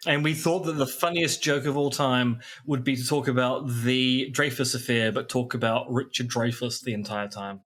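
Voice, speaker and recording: A man's voice: mid-range voice, fairly even intonation, normal speed, hardly any pauses, fairly bright tone. A man in his thirties with a New Zealand accent, co-hosting a casual podcast chat with playful, goofy asides. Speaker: podcast co-host.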